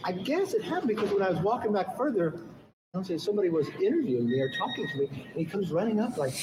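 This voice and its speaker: A man's voice: high voice, very animated, crowd noise. A man answering reporters in a hallway scrum, denying the accusations defensively. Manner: quick, defensive denials. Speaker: interviewee. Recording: roomy hallway with background noise.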